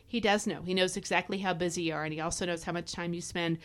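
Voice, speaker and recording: A woman's voice: on the low side, fairly even intonation, quick pace, a bit bright. A woman hosting a devotional podcast, exhorting listeners in a fervent, preachy way. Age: adult parent. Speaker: podcast host. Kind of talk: devotional Bible teaching podcast.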